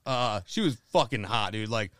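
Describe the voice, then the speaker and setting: A man's voice: lowish voice, animated, moderate pace, fairly bright tone, no echo, studio quality. A young man from Florida, telling a rambling, profane story in casual chat, full of "like" and swearing. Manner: rambling, heavy filler "like", swears a lot.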